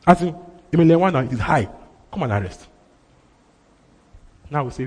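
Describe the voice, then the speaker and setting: A man's voice: fairly high pitch, expressive, moderate pace, darkish tone, slightly rough. A man preaching a sermon, emphatic and repeating his phrases for effect. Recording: reverberant hall.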